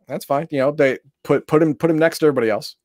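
A man's voice: fairly high pitch, rapid-fire, darkish tone, dry recording, clean studio sound. A man reading tabletop game rules aloud in casual chat, breaking into exasperated, profane rants.

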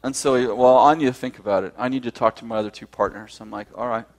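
A man's voice: mid-range voice, steady tone, fast. A man telling a personal story to a group, acting out both sides of the conversations and often laughing as he speaks.

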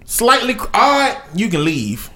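A man's voice: high-pitched, big pitch swings, unhurried, pushed and bright. A man co-hosting a podcast in casual chat, giving frank, slangy advice. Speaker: podcast co-host.

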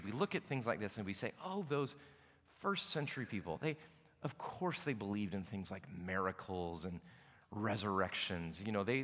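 A man preaches a sermon, his bright voice swinging widely in pitch. He slips into playful acted asides, and his words ring with a long reverb from a large hall. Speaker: pastor.

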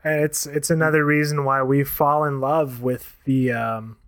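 A man's voice: mid-range voice, little pitch movement, moderate pace, a bit bright, no echo. Easygoing podcast guy, dry sound. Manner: easygoing, hesitant with fillers. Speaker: podcast co-host. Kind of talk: casual chat.

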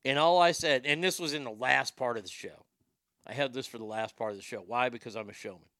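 A man's voice: medium pitch, fast, a bit bright, no echo, studio quality. A male show host delivering profane, sarcastic political commentary, with boastful asides.

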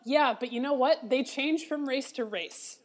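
Chatty American woman co-host, fairly high. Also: measured pace. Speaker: podcast co-host. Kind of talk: casual chat.

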